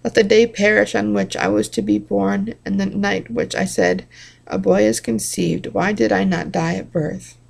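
A woman's voice: medium pitch, lively intonation, normal speed, gravelly. Woman voicing a despairing ruined man, lamenting, devotional reading.

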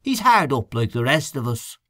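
A man voicing a moody, mild-mannered canvasser in a storybook reading, dubious and unhurried. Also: mid-range voice, big pitch swings, a bit bright, no room sound, voice pushed up.

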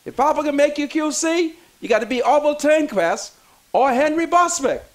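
A man with a Bahamian accent giving impassioned political commentary, preacher-like, repeating lines for emphasis and rising to shouts. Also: very high voice, expressive, moderate pace.

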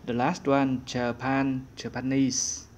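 A man leads an English workbook lesson at a very slow, unhurried pace. He thinks aloud as he searches for each answer, and a faint background hum sits under his voice. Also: mid-range voice, little pitch movement. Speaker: English teacher.

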